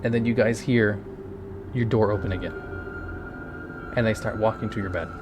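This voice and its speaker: A man's voice: on the low side, fairly even intonation, moderate pace. A man casually narrating a choose-your-own-adventure game live for his chat, playful and loose. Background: background music.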